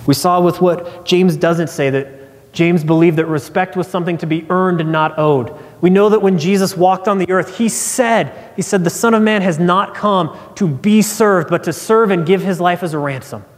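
A man in his thirties preaching a sermon, telling a personal story and acting out quoted voices, dropping low for emphasis. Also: moderate pace. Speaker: pastor. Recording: long hall reverb.

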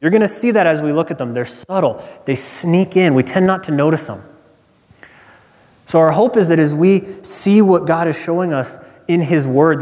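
A man's voice: on the high side, darkish tone, big-room sound. A man preaching a sermon as a pastor, earnest and emphatic, who repeats his key lines for weight.

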